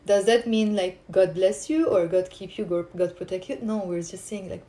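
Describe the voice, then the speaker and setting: A woman's voice: mid-range voice, a little fast, few pauses, warm tone. A woman teaching a live-streamed language lesson, chatting with viewers and drilling pronunciation. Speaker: Arabic teacher.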